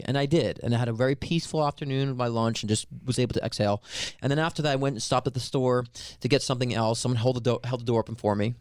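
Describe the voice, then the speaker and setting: Guest life coach, New York man, rapid animated delivery, dry close sound. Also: mid-range voice, no echo. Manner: animated storyteller, acts out voices. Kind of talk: conversational podcast interview.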